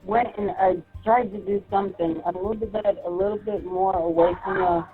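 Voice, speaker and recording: A woman on a phone call with her husband in jail, talking quietly and hesitantly. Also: mid-range voice, fairly even intonation, normal speed. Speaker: inmate's wife on a phone call. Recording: tinny phone line, faint music.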